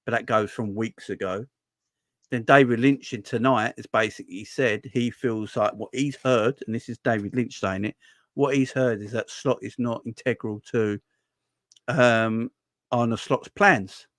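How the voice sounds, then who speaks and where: Guy hosting a fan livestream, mid pitch, dry close sound, jokey and rambling. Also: fairly even intonation, a little slow, fairly bright tone, dry recording. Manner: chatty, joking, trails off and restarts. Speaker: fan channel host. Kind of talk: casual live stream chat.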